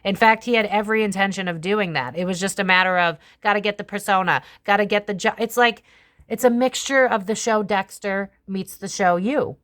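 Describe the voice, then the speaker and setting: Giving casual psychic tarot commentary on her channel, this young woman swears freely and drifts into impressions of other people. She speaks briskly in a mid-range voice with a fairly bright tone.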